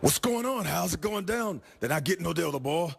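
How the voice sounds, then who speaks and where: A man doing a comic impression of a rapper calling in to a radio show, with a raspy voice, half rapping and barking his lines. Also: a little high, lively intonation, a little fast, exaggerated voice. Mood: brash. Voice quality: gravelly, raspy. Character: gravelly male rapper caller impression, brash. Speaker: caller.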